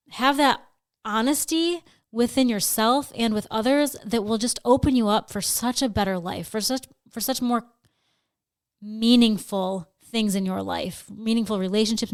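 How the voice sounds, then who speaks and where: A woman's voice: fairly high pitch, moderate pace, clean tone. A woman co-hosting a podcast who speaks sincerely and with emphasis, often repeating words. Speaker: podcast co-host. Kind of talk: candid podcast conversation.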